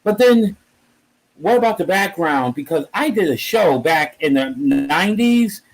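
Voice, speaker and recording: A man with a high, lively voice talks about comics in a relaxed interview. He tells his stories with energy, breaking into exclamations and acting out other people's lines. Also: measured pace, rough recording. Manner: animated storyteller, exclaims and acts out quotes. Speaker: comic creator guest. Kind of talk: casual conversation.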